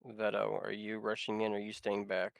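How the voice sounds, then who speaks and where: A man's voice: fairly low pitch, completely flat delivery, fairly quick, creaky, dry recording. A man playing a tabletop game, talking casually with the others. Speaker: player. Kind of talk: casual tabletop role-play.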